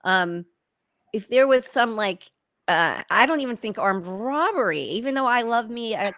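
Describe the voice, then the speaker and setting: A woman's voice: fairly high pitch, animated, moderate pace, fairly bright tone, no echo. A middle-aged woman hosts a casual podcast chat, hedging and rambling with "like" and "you know." Her voice sits close and dry, with no room around it. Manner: chatty, hesitant, lots of "like" and "you know". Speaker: podcast host.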